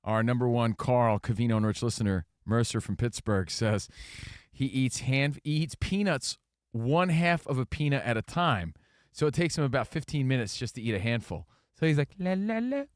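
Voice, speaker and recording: A man's voice: moderate pace, no echo, studio quality. A man co-hosting a sports radio show, telling stories with a lot of energy and acting out the people in them. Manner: animated storyteller, acts out quotes in high voices. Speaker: radio co-host. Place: radio studio. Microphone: studio mic.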